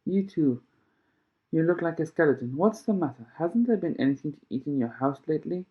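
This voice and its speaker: A man voicing an eccentric, excitable male chocolate maker who exclaims and brushes off questions. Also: a little high, fairly quick, lightly acted. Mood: offering. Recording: tinny phone-like sound.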